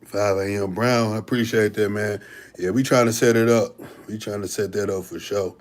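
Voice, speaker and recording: A man's voice: lowish voice, steady tone, normal speed. A young man, a bodybuilder hosting a livestream and answering viewer questions in a laid-back, slangy way. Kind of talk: casual livestream Q&A.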